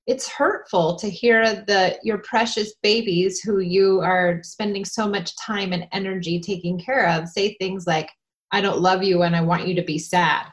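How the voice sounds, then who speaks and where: A woman co-hosting a parenting podcast, explaining ideas in a calm, advice-giving way. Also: medium pitch, unhurried. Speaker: podcast co-host. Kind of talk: casual parenting podcast talk.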